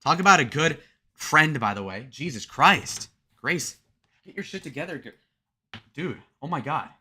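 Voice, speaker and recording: Bright-voiced man reading his livestream chat. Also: on the high side, normal speed, slight background noise. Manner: crude, joking, bursts into loud excited shout-outs. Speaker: livestream host.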